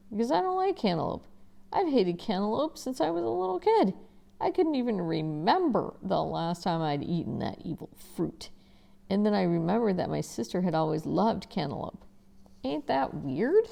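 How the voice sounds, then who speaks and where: Expressive woman reading aloud, gravelly voice. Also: medium pitch. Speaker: teacher reading a novel aloud. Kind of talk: reading a novel aloud with asides.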